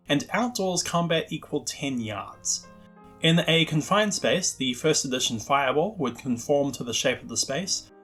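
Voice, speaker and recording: A man's voice: fairly high pitch, a bit bright. A man hosting a scripted narration about the history of a tabletop game spell, with wry, self-deprecating asides. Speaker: host.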